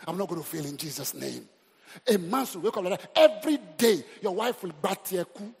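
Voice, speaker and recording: Animated Nigerian pastor, gravelly and lively. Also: male voice, sits high, fairly quick. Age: middle-aged. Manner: animated, humorous, exhorting the crowd. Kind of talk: sermon. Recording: reverberant hall.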